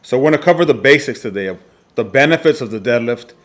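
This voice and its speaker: A male fitness coach giving a slide presentation lesson, speaking in an emphatic, deliberately repetitive way with frequent check-ins to his listeners. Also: medium pitch, expressive.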